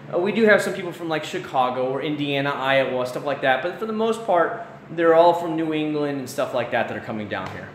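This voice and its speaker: A man hosting a casual livestream, ranting animatedly and swearing freely as he answers the chat. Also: a little high. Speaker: livestream host. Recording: roomy echo, faint background noise.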